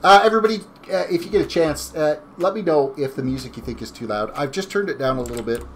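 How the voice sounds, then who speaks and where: A man's voice: fairly high pitch, expressive, fast, slight background noise. A middle-aged man chatting casually on a live game stream, rambling while he reads chat aloud. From Canada. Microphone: desk mic beside him. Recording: music playing behind the voice. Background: music and keyboard typing.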